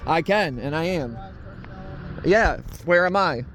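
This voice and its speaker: A man's voice: a little high, lively intonation, slow pace, fairly bright tone, a little hiss or hum. A man filming outside on a public sidewalk, arguing and mocking people in a combative, sarcastic way, and narrating over his own footage. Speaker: camera-carrying activist filming a courthouse. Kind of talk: narrated video commentary and street confrontation. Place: outdoors on a public sidewalk by a street.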